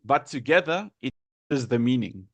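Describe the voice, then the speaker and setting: A man's voice: mid-range voice, animated, normal speed, creaky, dry recording. A man teaching an English vocabulary lesson, patiently repeating words to model their pronunciation.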